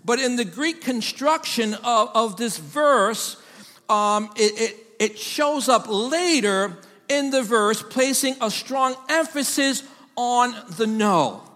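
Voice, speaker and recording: High-voiced man preaching slowly in a hall. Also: expressive. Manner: emphatic preaching, building to shouted call-and-response. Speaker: pastor. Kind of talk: sermon.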